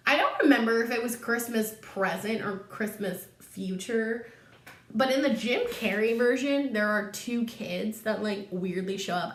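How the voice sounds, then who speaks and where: A woman's voice: fairly high pitch, a bit bright, echoey room, slight background noise. A young woman vlogger in her twenties giving a tipsy comedic retelling, full of slang, swearing and laughs.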